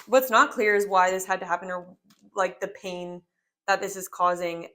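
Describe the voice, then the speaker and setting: A woman's voice: mid-range voice, steady tone, normal speed, fairly bright tone, slight background noise. A young woman in her twenties talks through a tarot spread. Her delivery is loose and rambling, full of "like" and "um", and heartfelt. She sounds like someone chatting to viewers. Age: 20s. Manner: rambling and heartfelt, many filler "like"s. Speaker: tarot reader. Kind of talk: casual spoken tarot reading.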